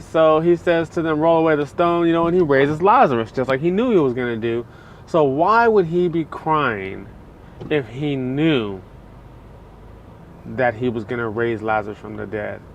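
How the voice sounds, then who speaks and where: A man's voice: mid-range voice, expressive, a little slow, muffled recording, a little hiss or hum. Man giving a loose, chatty devotional talk. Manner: conversational and loose, many fillers like "you know" and "like". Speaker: preacher.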